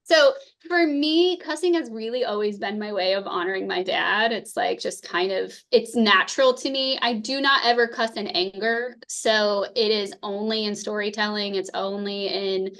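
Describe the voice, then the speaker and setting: A woman in her thirties, a therapist and podcast guest, telling stories quickly and laughing often. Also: mid-range voice. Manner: fast, lively storytelling, laughs often. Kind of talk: casual interview conversation.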